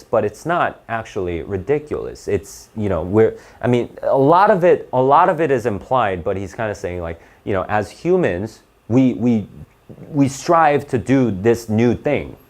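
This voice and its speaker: A man's voice: mid-range voice, very animated, normal speed, darkish tone. A man giving a casual explanatory lesson, rambling and checking in with "right?" often. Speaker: English teacher.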